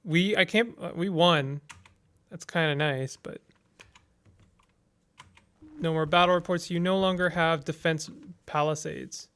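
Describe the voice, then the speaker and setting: Smooth-voiced man narrating a strategy game. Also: on the high side, measured pace, long pauses, a bit bright. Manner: thinking aloud, hesitant with restarts while deciding moves. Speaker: gamer playing a text-based strategy game. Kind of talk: casual let's play commentary, reading game text aloud.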